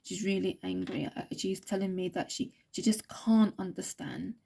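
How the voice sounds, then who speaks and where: A woman talks through a psychic reading, repeating herself as she relays a spirit's words. Her voice is gravelly and husky, with a dark, mellow tone. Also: mid-range voice, moderate pace. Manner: relays a spirit's words in long repetitive runs. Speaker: psychic reader.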